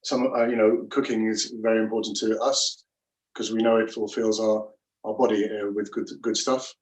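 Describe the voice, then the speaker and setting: Excitable man co-host, echoey kitchen. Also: lowish voice, normal speed, far from the mic. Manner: enthusiastic, warm-hearted rambling. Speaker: cooking show co-host. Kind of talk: casual chat.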